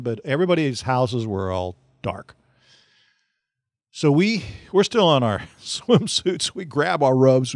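A middle-aged man hosting a podcast, telling a funny story in a casual, animated way and laughing often. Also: mid-range voice, gravelly, dry recording, clean studio sound. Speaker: podcast host.

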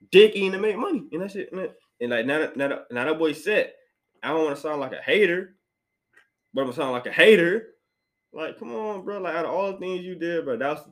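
A man's voice: mid-range voice, poor audio. A young man hosting his own podcast, talking in a slangy, rambling way and often repeating himself. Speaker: podcast host. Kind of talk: casual solo podcast rant.

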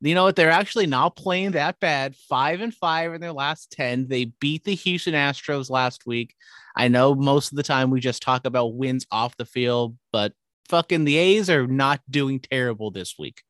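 A man's voice: medium pitch, normal speed, a bit bright, dry recording, clean studio sound. A man co-hosting a casual sports podcast, talking baseball standings with wry, upbeat banter. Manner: upbeat, wry, jumps between stats and jokes. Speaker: podcast co-host.

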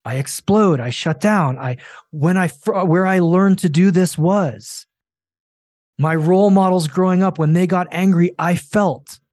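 Man in his 40s, kinda high voice, dead dry sound, talks intense and earnest to other guys. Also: measured pace, a little mellow, dry recording. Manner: earnest, emphatic, coaching tone addressed to men. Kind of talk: casual conversation.

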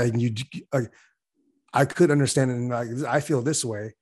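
A man chatting casually on a podcast, telling an animated story with lots of fillers and acting out his own frustration. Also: mid-range voice, moderate pace, husky. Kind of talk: casual chat.

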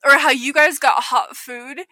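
A woman's voice: high-pitched, steady tone, moderate pace, bright, forceful tone, no echo. A woman chatting with friends, often laughing and breaking off mid-sentence. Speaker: friend in a chat. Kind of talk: casual chat.

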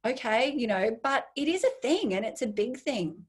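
A woman guest in a casual interview, talking enthusiastically and acting out her own inner voice in quick asides. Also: on the high side, animated, breathy edge.

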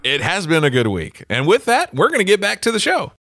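An upbeat male podcast co-host with a lively, rising and falling voice. He keeps things conversational and moves the talk along with questions. His sound is dry and close. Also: high voice, brisk, no echo. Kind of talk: casual podcast chat.

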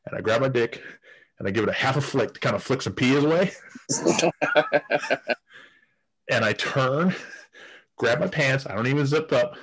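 A man's voice: medium pitch, normal speed, long pauses, a bit bright, breathy edge. A man telling crude stories in a casual podcast chat, laughing often and restarting his sentences. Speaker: guest storyteller.

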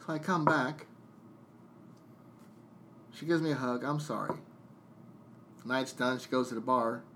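A man of middle pitch telling a story on a podcast, blunt and full of swearing. He jumps into both sides of remembered arguments as he talks, with a faint hiss under the recording. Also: unhurried, fairly bright tone. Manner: venting, blunt and profane, jumping into quoted dialogue. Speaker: podcast guest, DJ. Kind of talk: casual storytelling chat.

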